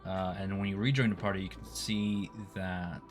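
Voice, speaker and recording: A man's voice: low-pitched, normal speed, faint music behind. A man narrating a tabletop role-playing session as game master, describing scenes in a loose way with many fillers. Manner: relaxed, filler-heavy narration.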